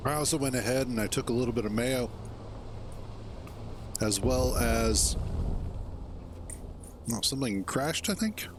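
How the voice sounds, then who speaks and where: A man in the middle of a gameplay stream, talking slowly and easily at an ordinary pitch. He rambles from one thought to the next and chuckles to himself. Loud game sounds run under his voice. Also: noisy background. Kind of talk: casual gameplay commentary.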